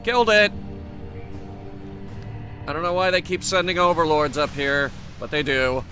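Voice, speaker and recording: A man's voice: on the high side, expressive, normal speed, sharp tone, faint music behind. A man streaming a strategy game, chatting casually, laughing and giving orders to his units as he plays. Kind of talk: casual let's-play commentary.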